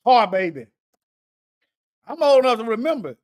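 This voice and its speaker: A middle-aged commentary host who reacts to clips, mocks them loudly and laughs often. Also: mid-range voice, sing-song, normal speed. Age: middle-aged or older. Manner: mocking, loud, laughs often.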